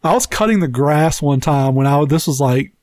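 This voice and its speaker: A man's voice: a little high, expressive, moderate pace, darkish tone, no room sound. Profane, rambling man in his thirties. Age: 30s. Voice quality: slightly nasal with a faint southern twang. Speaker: podcast co-host. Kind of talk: casual chat.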